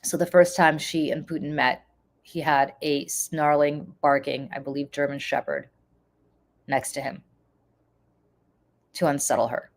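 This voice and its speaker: A woman with a congested voice, giving casual live-stream political commentary and chatting with viewers, with frequent ums. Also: low voice.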